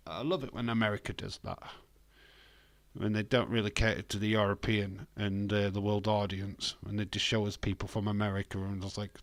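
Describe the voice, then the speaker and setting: A man's voice: lowish voice, steady tone, normal speed, no echo. A British man hosting a live watch-along, giving casual, blunt commentary and swearing freely. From Britain.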